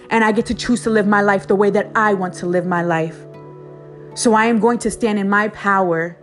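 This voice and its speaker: A woman speaks with fervent conviction, repeating phrases for emphasis as she gives her viewers a faith-filled pep talk. Her voice sits at a middle pitch, and faint music plays underneath. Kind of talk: impassioned faith monologue to viewers.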